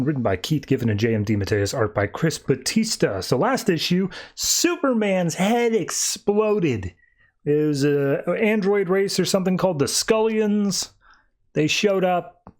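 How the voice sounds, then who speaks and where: A man's voice: on the high side, lively intonation, unhurried, faint music behind. A young man hosting a podcast, recapping and reviewing comics in a rambling, casual way with lots of fillers. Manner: rambling, filler-heavy, quotes characters in a lifted voice.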